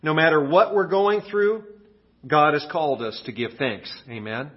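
Pastor with a cold, lively storytelling. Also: male voice, on the high side, moderate pace, lo-fi sound. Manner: storytelling with big acted-out exclamations. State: getting over a cold. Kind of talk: sermon.

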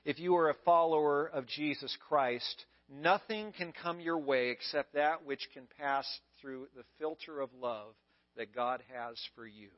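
A man's voice: on the high side, a little slow. A male pastor preaching a sermon in an emphatic way, repeating key phrases, on a dull lo-fi recording.

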